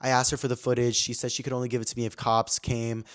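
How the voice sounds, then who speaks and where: A young man hosting a casual podcast, telling a story animatedly and acting out quoted lines in a high, excited voice. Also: fast talker, clear, resonant tone. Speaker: podcast host.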